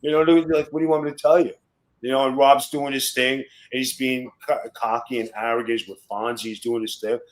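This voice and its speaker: A man's voice: medium pitch, flat delivery, brisk, poor audio. A man in his fifties, a former wrestler guesting on a podcast, telling stories in a blunt, profane, swaggering way. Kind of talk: casual podcast storytelling.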